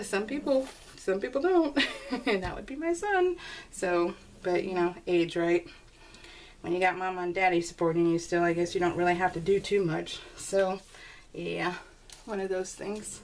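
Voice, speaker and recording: This scrapbooking vlogger is a chatty, gushing woman who laughs often as she talks casually to viewers while crafting. Her pitch is fairly low, and the slightly distant mic picks up faint background noise.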